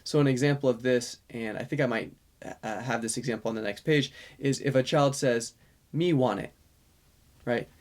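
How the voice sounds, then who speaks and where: A man, a speech-language pathologist, calmly explaining a strategy to parents in a course lesson, with fillers and self-corrections. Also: mid-range voice, fairly quick.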